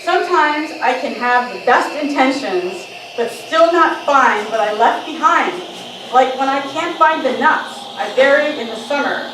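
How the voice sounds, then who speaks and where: A woman's voice: high-pitched, expressive, unhurried, pitched above the performer's own voice. Woman reading as a fretful gray squirrel. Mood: worried. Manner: worried, wondering. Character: forgetful male squirrel, anxious, self-scolding. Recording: very echoey, distant, noisy room.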